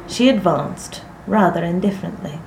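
A woman narrating a literary story aloud in a measured, expressive reading. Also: fairly low pitch, creaky. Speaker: audiobook narrator. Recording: echoey room, faint noise.

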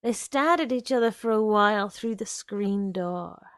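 A woman narrating literary fiction in a measured, hushed, low-key manner. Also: clear, resonant tone, dry recording, studio quality.

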